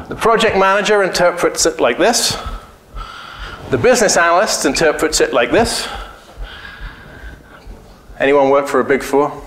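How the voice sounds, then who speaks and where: A man's voice: on the high side, a bit bright, a little hiss or hum. A man giving a casual conference talk, blunt and joking, telling anecdotes and swearing freely. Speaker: conference speaker. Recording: echoey hall.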